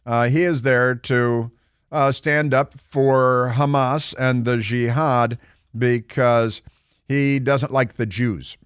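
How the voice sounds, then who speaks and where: A man's voice: medium pitch, steady tone, takes it slowly, smooth, dry recording. A man hosting a talk radio show, delivering a combative, sarcastic monologue full of mocking rhetorical questions from a radio studio. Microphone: studio microphone.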